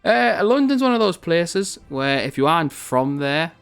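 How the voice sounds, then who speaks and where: A man's voice: fairly high pitch, big pitch swings, measured pace, gravelly, a bit bright, smooth, soft background music. A man from northern England giving rambling, chatty commentary on a strategy game, swearing casually as he plays. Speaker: gaming video host.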